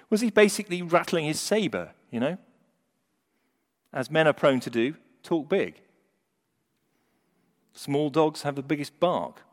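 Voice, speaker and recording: A man delivers a sermon in a slightly high voice that swings widely in pitch. He rises and falls in volume to stress key points. His voice carries a long reverb, as from a large hall. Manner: animated, rising and falling for emphasis. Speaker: preacher.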